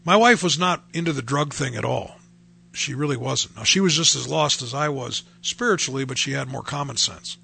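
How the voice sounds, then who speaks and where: A man's voice: medium pitch, moderate pace, creaky, sharp tone, breathy edge. A man telling his personal faith testimony in a conversational way, acting out the voices he quotes. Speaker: speaker sharing his testimony.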